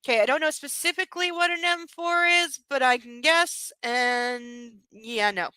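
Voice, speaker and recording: A woman's voice: sits high, normal speed, pushed and bright, clean tone, no echo, low-quality recording. A young woman hosting a book club, reading a novel aloud with sarcastic, mocking asides. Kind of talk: comedic book reading with commentary.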